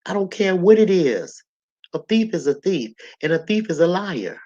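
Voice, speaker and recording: A livestream host chats casually with viewers, offering preachy life advice and repeating phrases for emphasis. The voice sits at medium pitch and a moderate pace, greeting chat with bright, lively energy, though the audio sounds dull.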